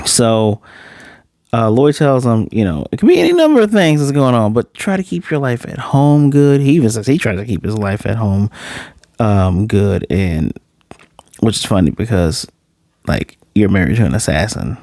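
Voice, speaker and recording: A man's voice: on the low side, sing-song, moderate pace, a little mellow, dry recording, clean studio sound. A man casually reviewing an anime episode, loose and rambling, with a few curse words. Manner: loose, rambling, profane, lots of fillers.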